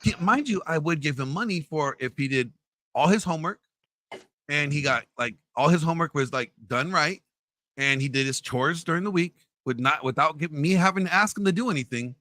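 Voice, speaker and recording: A man telling a story in casual chat, loudly acting out the voices in it. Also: a little high, a little fast. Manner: animated storyteller, acts out quotes loudly. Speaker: podcast co-host telling a story.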